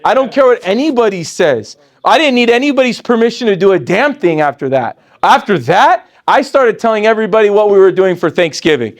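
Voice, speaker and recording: This high-voiced man in his forties runs a sales training session, speaking fairly quickly with few pauses in a lively, motivational style. Sudden pitch jumps punch up his enthusiasm, while quotations from others come out low and calm.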